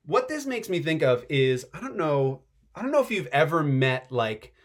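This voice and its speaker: A man preaching a sermon in a chatty, animated way, often saying "like" and building up excitement. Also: a little high, normal speed. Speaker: pastor. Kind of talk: conversational sermon.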